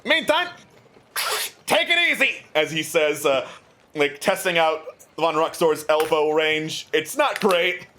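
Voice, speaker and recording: A man's voice: a little high, lively intonation, takes it slowly, sharp tone, a little hiss or hum. A man narrating a tabletop game as game master, chatty and full of fillers.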